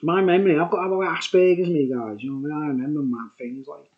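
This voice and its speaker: Middle-aged man, tipsy beer reviewer, rambling and chuckly, slightly high voice, dull lo-fi audio. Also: steady tone, quick pace. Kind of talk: rambling casual chat.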